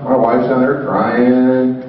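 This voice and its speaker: A man's voice: mid-range voice, flat delivery, slow pace, a little hiss or hum. A man emceeing a convention panel, telling stories to the crowd and acting out quotes and sound effects. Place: large convention hall. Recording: echoey hall, distant mic, muffled.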